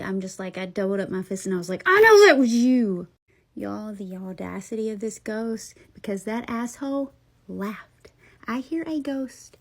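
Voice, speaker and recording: A young woman, telling her own ghost stories in a blunt, animated, casual way and swearing freely. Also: fairly high pitch. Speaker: paranormal storyteller. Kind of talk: casual storytelling.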